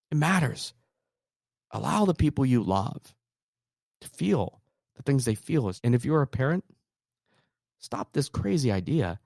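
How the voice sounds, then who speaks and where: A man in his thirties hosting a motivational talk, earnest, moving between hushed softness and emphatic bursts. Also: on the low side, no room sound, studio quality. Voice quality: soft calming voice in quoted comfort. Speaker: podcast host.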